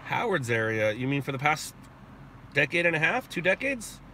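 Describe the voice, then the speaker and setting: A man's voice: fairly high pitch, sing-song, moderate pace, bright, forceful tone. A man hosting a live stream, chatting and joking in a rambling way while driving at night. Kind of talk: casual chat while driving. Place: inside a car at night. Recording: road and car noise behind.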